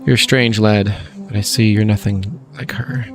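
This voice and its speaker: A man's voice: on the low side, steady tone, normal speed, faint music behind, natural voice. A man voicing a hearty old dwarf leader. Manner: hearty, says "lad" a lot. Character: jolly older male dwarf leader, proud.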